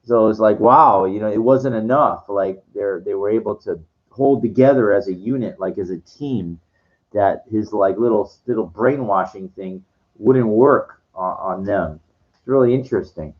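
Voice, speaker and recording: A man with a very deep voice retells a film scene in a loose, casual way. He rambles, restarts sentences and leans on fillers. The recording sounds dull and lo-fi. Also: normal speed. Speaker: vlogger.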